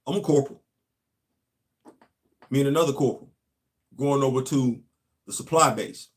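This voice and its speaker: A man's voice: mid-range voice, normal speed. A man, a show host and former Marine, telling a long casual story and asking his listeners rhetorical questions.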